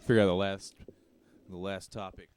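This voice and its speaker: A man's voice: sits low, flat delivery, moderate pace, darkish tone, clear, resonant tone. A young adult man co-hosting a podcast, joking crudely in casual chat. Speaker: podcast co-host.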